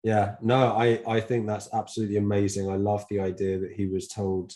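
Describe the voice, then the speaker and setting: Low, mellow-voiced British podcast co-host. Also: male voice, completely flat delivery, fairly quick. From Britain. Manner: reflective, easygoing, with frequent fillers. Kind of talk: casual podcast chat about Bible reading.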